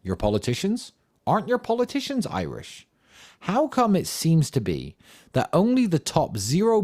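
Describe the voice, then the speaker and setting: A man's voice: lowish voice, a little mellow. A man giving an impassioned, combative monologue in answer to audience questions, firing off rhetorical questions and swearing for emphasis.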